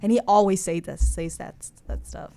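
A woman from northern Vietnam chatting casually and in a relaxed way on a podcast. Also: mid-range voice, normal speed, vocal fry, background noise. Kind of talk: casual chat.

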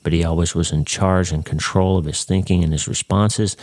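A man's voice: low voice, steady tone, fairly quick, a little mellow. A man hosting a faith podcast, teaching Bible study in an earnest, conversational way and putting direct questions to the listener. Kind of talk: devotional teaching.

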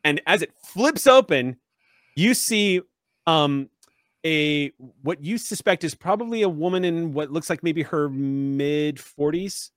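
A man's voice: fairly high pitch, expressive, slow pace, fairly bright tone, no echo, studio quality. A man narrating as game master of a tabletop role-playing game, descriptive and rambling, often laughing.

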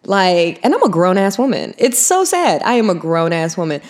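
A woman's voice: fairly low pitch, sing-song, moderate pace, darkish tone. A woman co-hosting a podcast, talking in a blunt, profane, storytelling way in casual chat. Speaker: podcast co-host.

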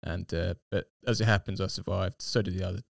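Man, low gravelly voice, telling his faith story slowly and reflectively, dry close sound. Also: steady tone, dry recording. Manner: reflective, unhurried, with frequent fillers. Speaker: interview guest. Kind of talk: personal testimony in conversation.

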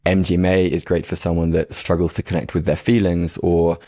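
A man's voice: deep voice, flat delivery, fairly quick, mellow, dry recording, clean studio sound. A man hosting an interview, thinking aloud hesitantly with restarts and fillers. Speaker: podcast host. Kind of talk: casual interview chat.

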